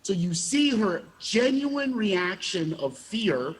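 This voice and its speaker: A man, a former child actor, telling animated stories in a casual interview and acting out the quotes. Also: high voice, takes it slowly, slightly rough. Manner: animated storyteller, acts out quotes with laughs.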